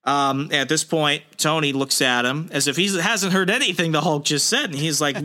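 A man co-hosting a podcast who recaps a comic book animatedly and acts out characters in quick snippets. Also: a little high, sharp tone. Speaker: podcast co-host.

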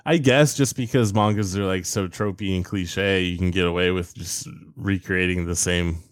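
Reviewing a movie as a podcast co-host, a man with a lowish, smooth, steady voice rambles loosely at a moderate pace, piling on filler words and swearing casually. The recording is dry and close, with no room around it.

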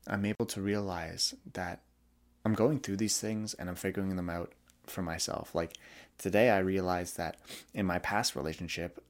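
A young man speaks with a deep voice, fairly even intonation, and normal speed as the sole host of his podcast. His talk is a candid, reflective look at his feelings, marked by frequent restarts.

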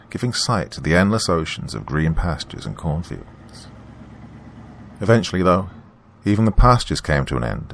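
Deep gravelly male storyteller. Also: a bit bright. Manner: measured, descriptive, ominous. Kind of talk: scripted first-person horror story narration.

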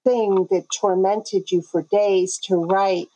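A woman's voice: medium pitch, fairly even intonation, slow, dark tone, poor audio. A woman hosting an interview, asking thoughtful questions and repeating words as she thinks. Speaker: interview host. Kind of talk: interview conversation.

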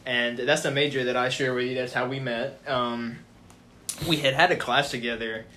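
A man's voice: mid-range voice, fairly even intonation, moderate pace, pushed and bright, a little hiss or hum. A young man co-hosting a casual podcast, chatty and rambling, with frequent fillers as he talks. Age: young adult. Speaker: podcast co-host.

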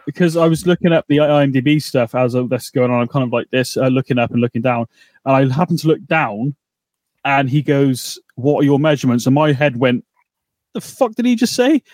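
A man co-hosting a podcast, chatting casually and excitably, swearing and laughing as he goes. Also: mid-range voice, a little fast, dry recording. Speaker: podcast co-host. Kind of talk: casual recap chat.

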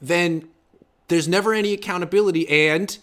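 A man's voice: high voice, moderate pace. A young man, a sports writer guest, chatting casually on a podcast and acting out quoted players. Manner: animated, acts out quoted players with big loud jumps.

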